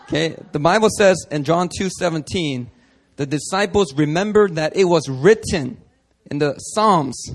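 A man preaching a sermon at a prayer meeting, animated and dramatic, moving between hushed stretches and loud bursts. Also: sits high, measured pace. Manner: animated, acts out scenes, shifts from hushed to loud. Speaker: pastor.

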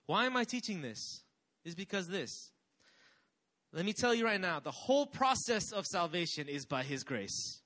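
A man's voice: sits high, very animated, moderate pace, bright, forceful tone. A young man preaching a sermon with energy, calling on the congregation to respond. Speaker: pastor.

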